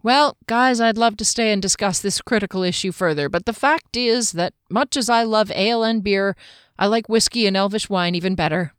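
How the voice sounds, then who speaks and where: A woman's voice: mid-range voice, moderate pace, clear, resonant tone, no room sound, studio quality, close to an everyday voice. A woman doing a brash teasing adventurer woman. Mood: breezy.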